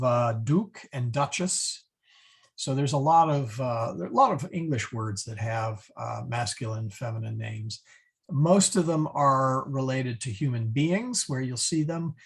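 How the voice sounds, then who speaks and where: A man teaching a Latin class in a halting lecture, with many fillers and self-corrections. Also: mid-range voice, gravelly, husky.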